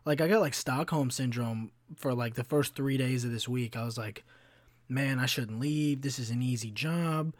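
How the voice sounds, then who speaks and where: A man's voice: medium pitch, moderate pace, dry recording. Profane, rambling young man on a podcast. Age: 20s. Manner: profane, rambling, animated storytelling with frequent fillers. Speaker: podcast host. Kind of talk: casual solo storytelling.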